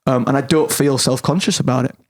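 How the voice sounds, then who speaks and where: A man's voice: medium pitch, steady tone, fast, a little mellow. A man in his thirties with a Yorkshire accent, a guest actor talking candidly on a podcast, self-deprecating and full of restarts and swearing. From Yorkshire, England. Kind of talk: casual podcast chat.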